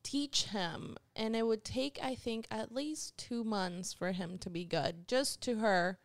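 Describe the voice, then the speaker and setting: A woman's voice: a little high, takes it slowly, no room sound. A woman comedian chatting casually on a podcast, telling anecdotes and laughing between lines. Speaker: stand-up comedian.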